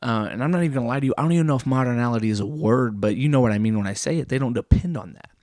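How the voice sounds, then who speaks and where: A young man doing an absurd deadpan comedy monologue, rambling with many fillers and self-corrections. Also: medium pitch, very fast, no room sound, studio quality.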